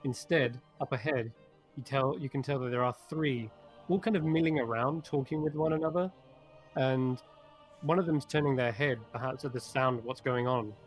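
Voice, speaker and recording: A man's voice: medium pitch, moderate pace, faint music behind. Man running a tabletop game. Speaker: game master.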